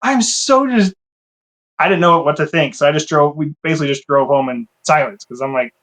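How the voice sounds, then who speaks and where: Animated man telling his own story. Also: a little fast. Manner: animated, acts out his own past thoughts with rises in pitch. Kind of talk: casual storytelling.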